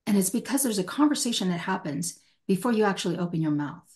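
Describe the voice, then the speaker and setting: A middle-aged woman speaking with passion and emphasis in a podcast interview. She drives her points home and acts out what people say to themselves, her voice sitting at an ordinary pitch. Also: expressive, quick pace, a little mellow. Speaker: hostage negotiator, podcast guest.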